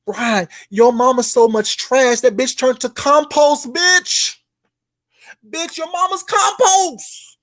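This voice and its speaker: A YouTuber takes his time with a loud, profane call-out rant, taunting and repeating a name in mockery. His delivery swings from shouting down to low muttering.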